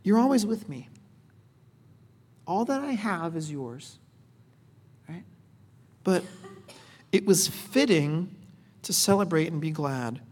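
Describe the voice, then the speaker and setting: A man preaching, voicing a gentle, forgiving father who speaks softly and calmly to reassure his son. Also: fairly high pitch, takes it slowly, long pauses, breathy edge, big-room sound, exaggerated voice. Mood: tender. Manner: soft, calm, reassuring.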